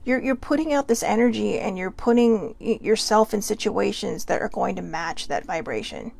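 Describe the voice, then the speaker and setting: A woman's voice: medium pitch, expressive, normal speed, creaky, a little mellow. A woman hosting a casual self-care pep talk, chatty and often checking in with "right?". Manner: chatty, keeps asking "right?". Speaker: host.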